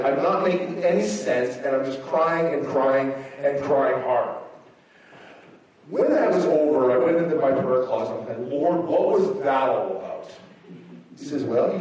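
Male pastor, sermon, animated storyteller, echoey sanctuary, distant mic. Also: a little high, slight background noise. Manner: animated, personal storytelling with emphatic rises. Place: church sanctuary. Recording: echoey hall from far off.

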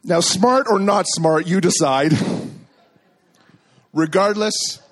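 Animated storytelling pastor, fairly high voice. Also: male voice, slow. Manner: animated storyteller acting out dialogue. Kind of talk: sermon with personal story.

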